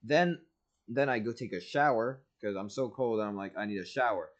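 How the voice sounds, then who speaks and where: A young man streaming, telling a story casually and animatedly, jumping between loud bursts and low asides, full of "like". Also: normal speed, muffled recording. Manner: casual, peppered with "like" and "blah, blah".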